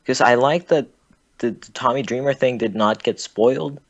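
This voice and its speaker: A man's voice: medium pitch, normal speed. Hesitant young male caller, lo-fi line. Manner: hesitant, lots of fillers, swears casually. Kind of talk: casual phone-in chat. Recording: dull, lo-fi call audio.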